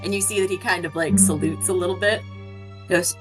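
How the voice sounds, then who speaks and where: A woman narrating a tabletop game as game master, in a casual, quick way with fillers. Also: on the low side, steady tone, over music.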